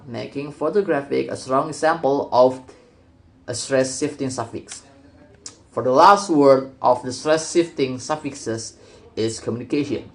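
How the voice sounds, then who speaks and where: A young man, a student, reads a prepared class presentation from a script at a steady pace, with the odd restart. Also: medium pitch.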